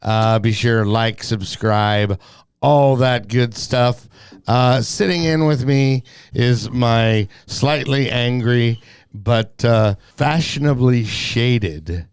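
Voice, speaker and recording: Brief: easygoing male podcast host, gravelly yet clear, dry studio sound. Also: medium pitch, takes it slowly, no room sound. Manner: rambling, laughing easily, lots of fillers. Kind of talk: casual podcast chat.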